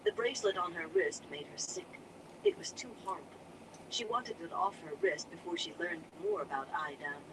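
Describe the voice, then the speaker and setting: A hobby audiobook reader narrating a fantasy novel in a casual, unpolished way, breaking off now and then to chat. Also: medium pitch. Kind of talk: casual audiobook reading with chatty asides. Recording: distant mic with traffic noise behind.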